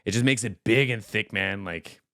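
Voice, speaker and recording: Excitable laughing man, dry close sound. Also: lowish voice, moderate pace, vocal fry, no room sound. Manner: excitable, laughs often, heavy on "like" fillers, swears casually. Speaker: music reaction host. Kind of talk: casual reaction commentary.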